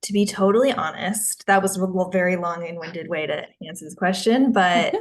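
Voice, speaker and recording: A woman's voice: on the low side, moderate pace. Chatty woman guest with constant fillers. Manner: rambling, with many filler words. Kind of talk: casual chat.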